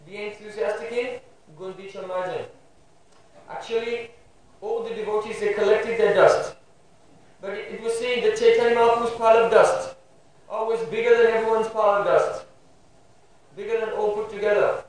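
A man's voice: high voice, fairly even intonation, normal speed, slight background noise. A man teaching a devotional class, often checking in with his listeners with a questioning "hmm?". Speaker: spiritual teacher giving a class. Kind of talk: devotional lecture. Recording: very echoey room, voice far from mic.

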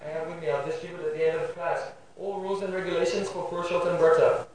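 High-voiced man lecturing in an echoey room. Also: little pitch movement, quick pace, crowd noise. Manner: checks in with listeners with a questioning "hmm?". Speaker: spiritual teacher giving a class. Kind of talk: devotional lecture. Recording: very echoey room, voice far from mic.

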